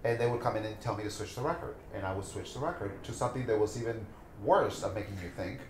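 A man's voice: lowish voice, fast talker, echoey room, a little hiss or hum, rough recording. A man, a dancer and teacher, telling stories as a podcast guest with passion, acting out the people in them. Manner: passionate, acts out voices in his stories. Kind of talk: animated storytelling in conversation.

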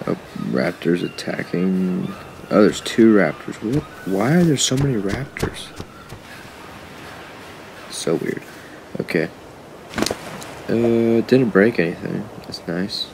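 A man's voice: sits low, lively intonation, slow, vocal fry, pauses often, background noise. A man giving casual commentary while he plays a video game, talking to the creatures on screen and to his viewers, often frustrated. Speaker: gaming YouTuber.

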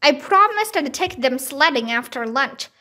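A woman's voice: high-pitched, animated, moderate pace, sharp tone. A woman reading aloud, giving a worried, subdued boy his lines in a voice close to her own. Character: boy Lucky, worried older brother.

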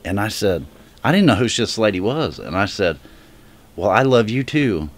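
A man giving an emotional personal religious testimony straight to viewers. He speaks earnestly and haltingly, often restarting his sentences. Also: lowish voice, very animated. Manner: earnest direct appeal to viewers. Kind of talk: heartfelt personal testimony to camera.

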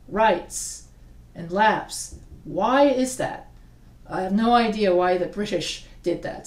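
Slow, deliberate woman teaching grammar. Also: medium pitch. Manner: reads word pairs aloud slowly and deliberately, with asides. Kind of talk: recorded classroom-style lesson. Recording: echoey room, mic set far off.

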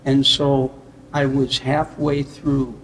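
Male pastor from the US Upper Midwest; reflective, unhurried testimony with soft chuckles. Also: mid-range voice, level tone, slight background noise. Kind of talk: personal testimony in conversation.

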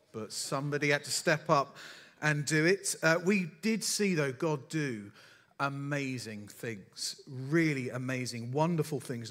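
A man's voice: a little high, fairly bright tone. A man as the preacher, giving a sermon and telling stories with dry, self-deprecating humour. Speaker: pastor.

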